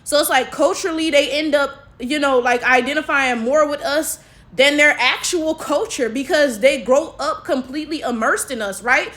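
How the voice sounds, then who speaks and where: A woman's voice: high voice, normal speed, fairly bright tone. A woman with an African American English accent, giving casual opinion commentary in a chatty, sassy way, with frequent tag questions. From United States. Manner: chatty, sassy, full of tags like "right?". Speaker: commentary vlogger.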